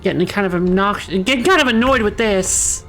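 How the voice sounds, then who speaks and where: A woman's voice: medium pitch, brisk, a bit bright, faint music behind. A woman streaming a video game, chatting casually and muttering annoyed asides to herself. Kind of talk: casual gameplay commentary.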